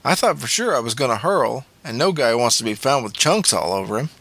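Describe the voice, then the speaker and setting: A man voicing a reckless, morbid teenage boy who talks in an offhand, lively way. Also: mid-range voice, brisk, dry recording.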